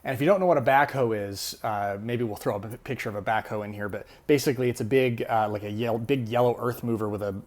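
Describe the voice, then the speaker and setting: Animated man telling a story. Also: medium pitch, quick pace, few pauses. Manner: animated, many filler words. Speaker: vlogger. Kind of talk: casual storytelling vlog.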